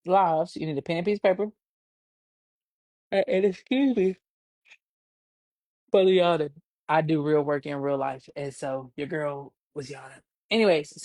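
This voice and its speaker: Energetic woman coaching small businesses. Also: sits low, no echo. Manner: lively, emphatic, repeats points for stress. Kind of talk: casual live-stream business tips.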